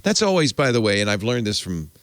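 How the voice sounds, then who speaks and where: A man's voice: lowish voice, very animated, fast talker, dry recording. A man hosting a tech podcast, talking casually and rambling, often correcting himself and chuckling. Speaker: podcast host.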